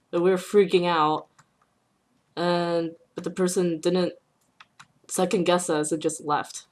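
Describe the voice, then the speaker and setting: A young woman hosting a casual chat while playing a video game, telling stories and laughing often. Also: lowish voice. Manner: giggly, laughs often between storytelling. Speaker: channel host.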